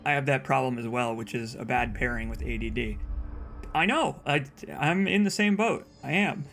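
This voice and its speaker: A young man talks his way through casual let's play commentary in a mid-pitched voice, often restarting with repeated words. Faint game music plays softly behind him. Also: normal speed, vocal fry. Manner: rambling, self-interrupting with repeated words.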